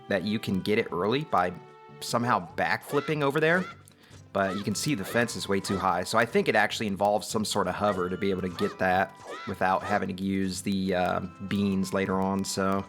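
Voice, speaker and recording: A man's voice: low voice, a bit bright. A man giving casual, upbeat gameplay commentary as host of a let's play, chatty and self-deprecating.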